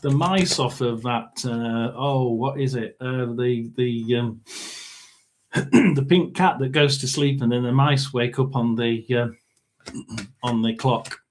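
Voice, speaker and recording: A middle-aged man doing a casual tarot and spirit box reading, rambling and halting with frequent ums and throat clearing. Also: mid-range voice, a little hiss or hum.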